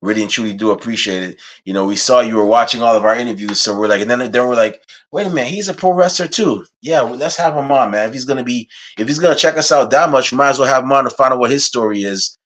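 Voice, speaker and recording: A man's voice: mid-range voice, quick pace, few pauses, fairly bright tone. A man hosting a wrestling podcast, opening with a rhyming hype intro and then chatting casually and telling stories. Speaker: podcast host.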